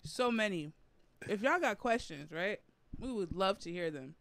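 A female podcast co-host in laid-back chat, full of laughter and crude jokes. She talks slowly with a lively, swinging pitch. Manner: slow, laughing, crude banter. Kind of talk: casual chat.

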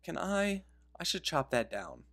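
A man's voice: a little high, big pitch swings, measured pace, fairly bright tone. Rambling male gamer telling a story. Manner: rambling, self-interrupting, laughs at his own story. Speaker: game video creator. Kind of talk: casual gaming commentary with storytelling.

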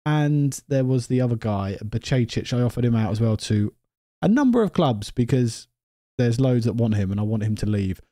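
A man talks through his football management game in a warm, mellow voice, thinking aloud and chatting to himself as he plays. His voice jumps up sharply when the match frustrates him. The sound is close and dry, with no room around it. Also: mid-range voice, expressive, normal speed, dry recording. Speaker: gaming video host. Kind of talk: let's-play commentary over a football management game.

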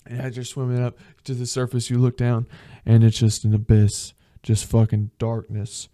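As a podcast guest, a man tells rambling, profane stories in casual conversation, acting out the voices of the people in them. His mid-range voice is dark and monotone at normal speed, recorded in clean studio sound with no echo.

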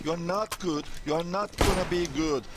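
A man in an online game's voice chat, ranting and yelling insults at his teammates. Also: high-pitched, moderate pace, a loud crowd. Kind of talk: angry game voice chat. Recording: noisy game voice chat.

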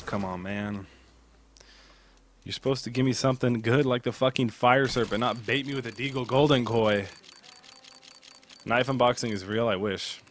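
A man hosting a gaming channel, chatting casually as he opens game cases, excitable and swearing with loud bursts of disbelief. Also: mid-range voice, normal speed, pauses often, a little hiss or hum. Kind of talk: casual live commentary while opening game cases.

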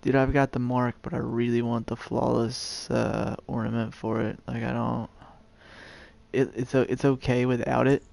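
A man's voice: medium pitch, flat delivery, normal speed, creaky, a little mellow. A man streaming a game and chatting casually with a friend, laid-back, swearing freely and laughing often. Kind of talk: casual gaming chat.

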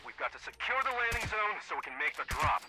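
A brisk, commanding radio dispatcher, barks clipped orders in a high, strained register through a radio filter. Loud gunfire and game noise crash around him. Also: male voice, big pitch swings. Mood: urgent. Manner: clipped urgent announcements.

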